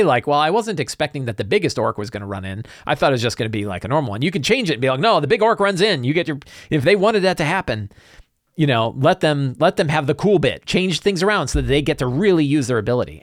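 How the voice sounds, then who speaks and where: A middle-aged man hosting a casual solo talk show, animated, acting out quick bits of dialogue as he explains. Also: on the high side, no room sound, clean studio sound. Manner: animated, acts out player and game master lines in quick asides. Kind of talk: solo casual talk about tabletop games.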